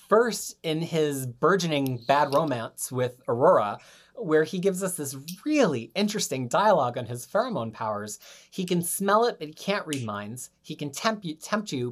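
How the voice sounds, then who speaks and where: A woman hosting a casual podcast chat, leading the discussion with enthusiasm. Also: low voice. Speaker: podcast host. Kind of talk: casual chat about comics.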